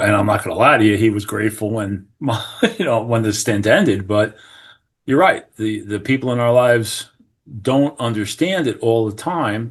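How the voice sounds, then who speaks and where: A middle-aged man from New Jersey, a retired fire captain, telling a story as a podcast guest in an earnest, animated way, acting out what people said. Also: on the low side. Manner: earnest, animated, acts out quoted remarks, many restarts. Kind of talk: conversational storytelling.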